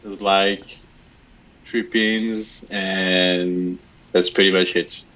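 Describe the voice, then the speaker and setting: A man's voice: deep voice, level tone, drawn-out words, pushed and bright, rough recording. A man chatting casually on a livestream, teasing the host in a dry way. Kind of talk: casual chat. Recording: clear background noise.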